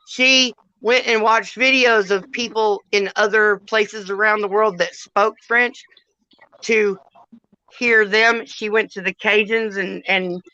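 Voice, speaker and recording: A woman in her fifties hosting a livestream in casual, rambling chat, blunt and quick to swear. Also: medium pitch, fairly even intonation, sharp tone, no room sound. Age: 50s. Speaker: livestream host. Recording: dull lo-fi stream audio.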